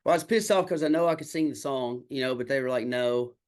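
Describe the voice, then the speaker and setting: A man with a drawl, a country songwriter, spins stories about his road to music in a casual chat. His voice sits at an ordinary middle pitch, and he tells it in a candid, salty way, playing out each quoted exchange as he goes. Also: fast talker. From Kentucky. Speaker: country singer and songwriter guest. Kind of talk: casual storytelling interview.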